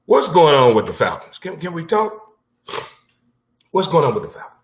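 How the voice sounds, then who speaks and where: A man hosting a casual sports talk show, with a blunt, animated delivery, occasional swearing and punchlines he repeats for effect. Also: on the high side, moderate pace.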